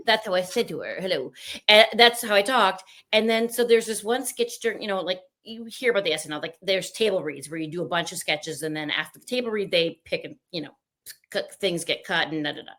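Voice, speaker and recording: A woman's voice: on the low side, expressive, a little fast, a bit bright. A woman being interviewed, telling rambling, playful stories about her acting work in a casual chat. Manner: chatty, rambling with restarts and playful asides. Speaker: interview guest, actress.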